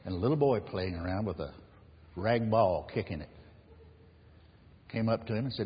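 Low-voiced preacher in an echoey hall. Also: male voice, slightly rough. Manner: unhurried, dropping to a hushed close at the end of phrases. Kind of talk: sermon with storytelling. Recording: echoey hall, dull lo-fi sound, faint hiss.

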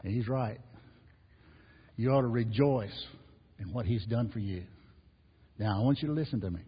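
A husky, breathy male preacher delivers an emphatic sermon that surges and drops. His voice rings out in a long hall reverb, and the recording is muffled. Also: fairly low pitch, normal speed, long pauses. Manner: emphatic preaching, rising and falling with repetition. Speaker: pastor.

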